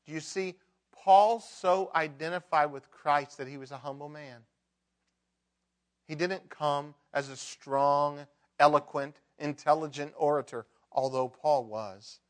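Middle-aged male pastor mid-sermon, slightly high pitch, shifts between soft intimacy and forceful emphasis. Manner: emphatic, swings between loud mock outbursts and hushed prayer. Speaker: preacher.

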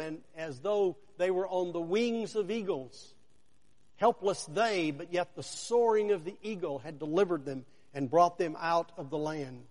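A man preaching a sermon, deliberate and emphatic, with long dramatic pauses and rhetorical questions aimed at the listener. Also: sits high, a little mellow. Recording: long hall reverb.

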